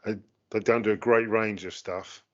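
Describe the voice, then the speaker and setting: A man co-hosting a casual chat, talking in a hesitant way with many pauses and fillers. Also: lowish voice, steady tone, a bit bright. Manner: hesitant, lots of ums and uhs. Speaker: co-host. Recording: dull lo-fi sound.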